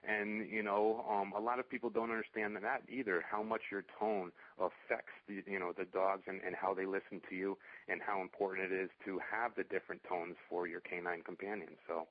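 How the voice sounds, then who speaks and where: A man who rehabilitates dogs, chatting casually in a halting way, full of fillers and restarts. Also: low voice, flat delivery, no room sound. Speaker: dog rehabilitation trainer. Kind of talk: casual conversation. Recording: muffled lo-fi sound.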